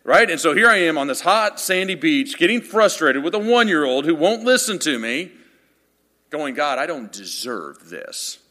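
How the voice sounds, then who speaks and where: A man in his thirties gives a sermon in a slightly high, bright and forceful voice. He tells stories that poke fun at himself, then builds to loud, emphatic passages. His words carry a long reverb, as in a large hall. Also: normal speed. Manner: animated storytelling with self-deprecating humor, building to loud emphatic passages. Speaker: pastor.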